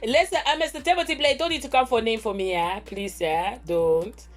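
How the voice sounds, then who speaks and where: A woman hosting a gossip reaction commentary, talking in a dramatic, theatrical way with drawn-out exclamations. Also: a little high, soft background music. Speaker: gossip reporter host.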